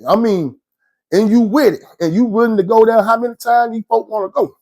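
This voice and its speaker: A man's voice: high-pitched, a little fast, a little mellow. A man, casually telling his own story in a slangy, rambling way and often checking in with the listener. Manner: slangy, rambling, keeps asking "you know what I'm saying".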